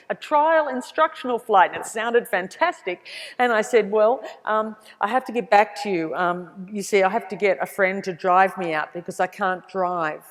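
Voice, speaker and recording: A middle-aged Australian woman tells her story to a large hall in an animated, expressive way, acting out each voice. Her voice is mid-pitched and carries a long reverb from the room. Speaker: keynote speaker. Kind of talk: inspirational keynote storytelling.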